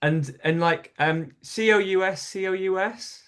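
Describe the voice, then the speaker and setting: A man with a Geordie accent talks as a comedian guest on a podcast. His voice sits a little high, and his stories come out animated as he laughs along at himself. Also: unhurried, smooth. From North East England. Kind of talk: casual chat.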